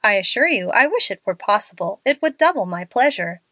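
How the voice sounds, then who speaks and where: A woman's voice: brisk, no room sound. A woman narrating a storybook, lifting her voice for the young women's lines. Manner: expressive, lifts pitch for the young women's lines. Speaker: audiobook narrator.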